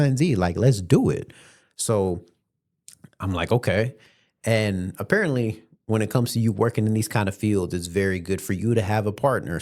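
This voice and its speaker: A young man with a fairly low voice tells a story on his own podcast. He talks in a loose, casual way and chuckles at the funny parts. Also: dark tone. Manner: laid-back, laughing as he retells a passenger's story. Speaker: podcast host.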